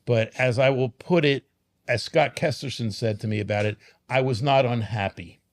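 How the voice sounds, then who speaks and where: A man who is a podcast guest, talking in an emphatic, argumentative way and slowing down to stress words. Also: medium pitch. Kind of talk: casual podcast conversation.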